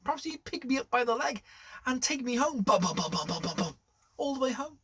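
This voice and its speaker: A man's voice: very high-pitched, big pitch swings, brisk, fairly bright tone, slightly rough, pitched above the performer's own voice, full character voice. A man doing a fretful little lost sheep. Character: silly little male lost sheep, worried.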